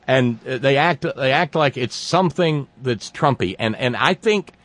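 A man hosting a political talk show, speaking in a halting, sarcastic way with many restarts. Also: mid-range voice, animated, fairly bright tone, no room sound. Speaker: talk radio host.

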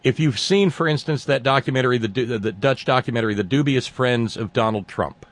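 A man hosting a political talk show, speaking in a halting, sarcastic way with many restarts. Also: medium pitch, no room sound. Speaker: talk radio host.

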